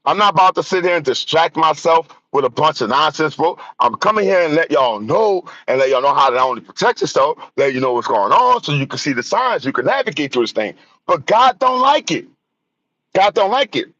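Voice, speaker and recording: A man with delivers a preachy live-stream rant straight to his viewers. His voice sits a bit high, with a bright and forceful edge. The audio is dry and somewhat dull. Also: very animated, a little fast, no echo. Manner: preachy, addresses viewers directly with repeated "right?" and "bro". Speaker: vlogger commenting on news. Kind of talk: casual live-stream commentary.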